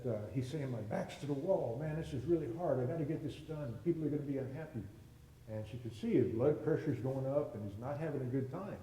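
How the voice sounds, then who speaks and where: A man's voice: mid-range voice, dark tone. A man teaching with stories, giving a spiritual talk to a gathering and acting out the voices of the people in his stories. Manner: storytelling, acts out quoted voices, folksy. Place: hall with a live audience. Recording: echoey room, voice from far off.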